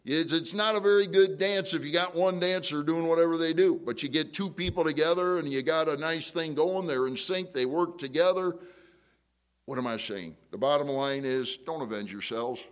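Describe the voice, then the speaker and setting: A middle-aged man preaching a sermon, telling a story and acting out the voices in it with big jumps up in pitch. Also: moderate pace. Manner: animated storytelling, jumps high to act out quotes. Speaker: pastor. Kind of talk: sermon with acted-out anecdote.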